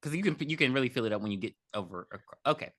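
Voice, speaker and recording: A woman's voice: rumbling low, expressive, racing, dry recording, clean studio sound. A woman co-hosting a podcast, adding wry, profane side comments to a casual movie review chat. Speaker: podcast co-host.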